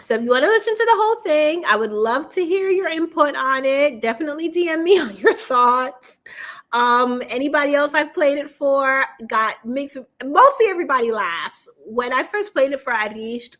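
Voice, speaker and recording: A woman hosts a casual livestream, answering viewers directly. Her voice sits slightly high, and she tells her own story candidly and conversationally, with easy fillers. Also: moderate pace, fairly bright tone.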